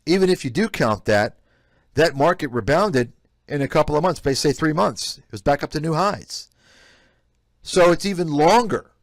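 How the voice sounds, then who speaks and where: Reacting to clips on his live stream, the host, an investment analyst, offers blunt and scornful commentary in a repetitive rant. His slightly high voice has lively intonation and a moderate pace, captured in clean studio sound without room sound.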